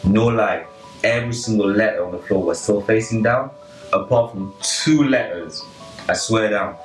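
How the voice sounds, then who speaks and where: A young man tells a story in a relaxed, filler-heavy way. His voice sits low. He sounds a little distant in an echoey room, with faint music underneath. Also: normal speed. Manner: animated, filler-heavy, full of "like" and "right?". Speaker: podcast co-host telling a story. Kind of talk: casual storytelling chat.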